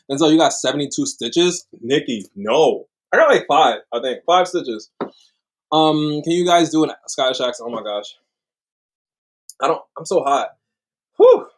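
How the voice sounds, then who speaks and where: A man's voice: medium pitch, slight background noise, rough recording. A young man co-hosting a casual livestream chat, rambling and apologetic, laughing often. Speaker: livestream co-host.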